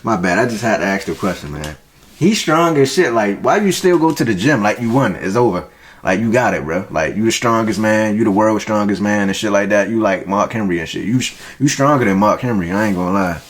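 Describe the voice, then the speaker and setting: A man's voice: on the low side, expressive, a little fast. A man hosting a reaction video, casually commenting in profane, slangy, joking asides and talking straight to the person on screen.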